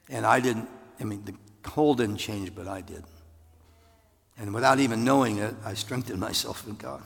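A man in his sixties preaching a conversational, animated sermon, his husky voice carrying in a church sanctuary. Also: brisk. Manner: conversational, animated, with jumps into falsetto for acted voices. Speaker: pastor. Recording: long reverb of a large hall.

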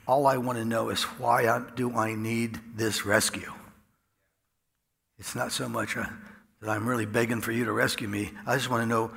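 Gravelly-voiced preacher in an echoing hall. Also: male voice, medium pitch, little pitch movement, normal speed. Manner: folksy storytelling, swings from loud to hushed. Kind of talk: sermon. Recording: echoey hall with long reverb.

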